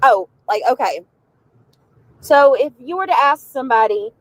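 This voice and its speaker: Brief: Southern female streamer, rambling chat from a car, slightly high and very lively pitch. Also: moderate pace, no echo, poor audio. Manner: rambling, easily distracted, chatting to viewers. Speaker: livestreamer. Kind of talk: casual livestream chat. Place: riding in a car.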